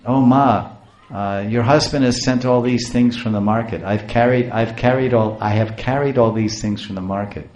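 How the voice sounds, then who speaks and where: A man's voice: medium pitch, moderate pace, darkish tone, muffled recording, natural voice. A man voicing a small boy who insists earnestly, in a slightly raised voice. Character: small divine boy carrying a heavy load. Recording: roomy echo.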